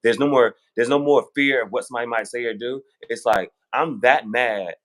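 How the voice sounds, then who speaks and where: Animated man telling stories casually. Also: mid-range voice, fairly quick. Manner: animated storytelling, acting out quoted voices. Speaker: guest on fashion talk show. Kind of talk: casual conversation.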